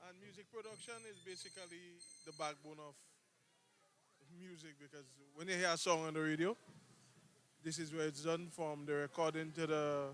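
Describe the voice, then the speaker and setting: A Grenadian music producer, a man, explaining his work calmly in an interview. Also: on the high side, normal speed. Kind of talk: interview answer. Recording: distant mic, light ambient noise.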